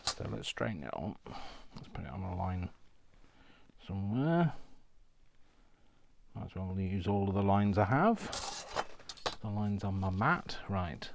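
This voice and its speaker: Deep-voiced man chatting to himself. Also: big pitch swings, a little slow, creaky, pauses often, background noise. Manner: talks to himself by name, giggly and rambling. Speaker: crafting vlogger. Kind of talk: casual talk while crafting.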